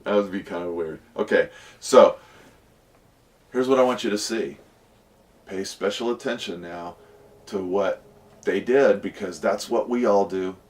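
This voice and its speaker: A man teaching a casual Bible lesson, telling the stories in a lively way and acting out the characters' voices. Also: fairly low pitch, measured pace, pauses often, recorded from a distance.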